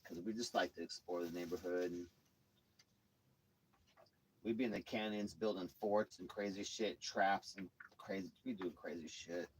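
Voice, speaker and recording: A man's voice: low voice, fairly even intonation, moderate pace, a little hiss or hum. A middle-aged man hosting a livestream, telling rambling, profane stories full of acted-out quotes in a casual chat style. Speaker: livestream host.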